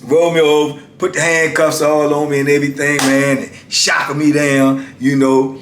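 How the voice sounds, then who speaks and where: Storyteller: middle-aged man, animated and slangy, echoey room, faint rumble. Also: moderate pace. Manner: animated, acts out shouted exchanges, slangy and emphatic. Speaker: former prisoner telling his story. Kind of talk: casual storytelling.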